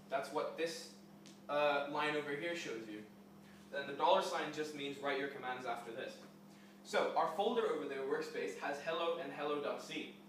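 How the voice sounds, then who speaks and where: With a slightly high, somewhat bright voice, a young man explains a live coding demo step by step during a relaxed lecture, using fillers as he goes. He is recorded in an echoey lecture hall from a distance, with a bit of background noise.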